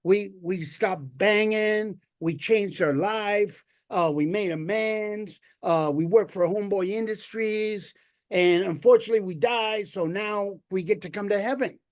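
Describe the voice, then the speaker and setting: A man voicing a laid-back, friendly reformed ex-gang man in a spoken joke, with a slow, drawn-out delivery. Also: sits high, voice pushed up.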